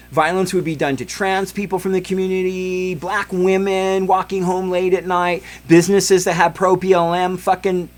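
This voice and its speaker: Heated, foul-mouthed male podcast host. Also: sits high. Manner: heated, profane, rambling with many fillers. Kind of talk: angry political commentary.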